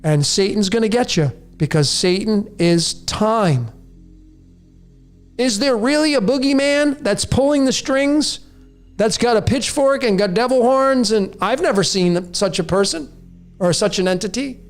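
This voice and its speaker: Over soft background music, a podcast host in his late forties speaks at a measured pace in a voice that sits high. He delivers a raw, preachy rant as a monologue straight to his listeners.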